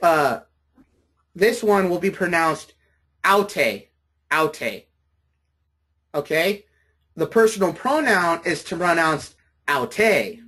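A man's voice: high voice, sharp tone, breathy edge. A man lecturing a college class, patient and friendly, often checking in with his students.

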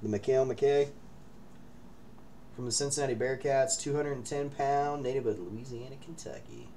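A man's voice: mid-range voice, lively intonation, normal speed, dark tone, slight background noise. A man hosting a live card-break stream from his break room, hyping the pulls and bantering with viewers. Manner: hyped, joking banter with viewers.

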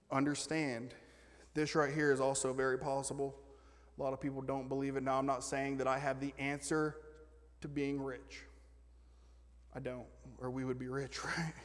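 A male pastor preaching a lively sermon. He shifts from loud, excited bragging about God to quiet, joking asides with the congregation. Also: mid-range voice. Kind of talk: energetic sermon. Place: church sanctuary. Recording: long church reverb.

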